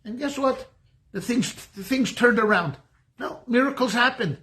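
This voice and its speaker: Animated rabbi teaching a class. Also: male voice, extremely high pitch, moderate pace. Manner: animated, repeats phrases for emphasis, asks rhetorical questions. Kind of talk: conversational lecture.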